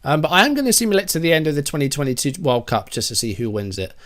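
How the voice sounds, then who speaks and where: A man's voice: on the high side, animated, fast, a bit bright. Chatty man reviewing a game. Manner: chatty, musing aloud, easily surprised. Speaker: gaming YouTuber. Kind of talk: casual game commentary.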